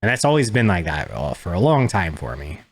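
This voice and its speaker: A young adult man co-hosting a podcast, talking in a calm, low-key way and swearing casually. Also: fairly quick, breathy edge, no room sound. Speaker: podcast co-host. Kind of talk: casual chat.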